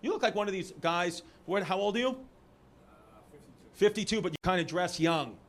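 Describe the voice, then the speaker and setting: A man with a New York accent doing stand-up crowd work, telling loud, rowdy stories with shouted impressions. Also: sits high, moderate pace. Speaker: stand-up comedian. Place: comedy club stage. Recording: live club recording with noisy crowd. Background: crowd laughter.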